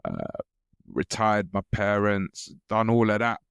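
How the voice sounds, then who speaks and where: A stand-up comedian guest chatting on a podcast in a relaxed, joking way. His voice sits low for a man, and the recording is close and dry with no room sound. He mocks himself with an easy drawl. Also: a little slow, smooth, dry recording. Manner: laid-back, joking, self-mocking. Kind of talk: casual podcast chat.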